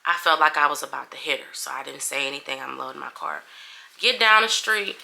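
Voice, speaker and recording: A young adult woman vlogger telling a heated story in a casual, animated, profane way. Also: sits low, fairly quick, vocal fry. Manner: animated, profane, acts out everyone's lines.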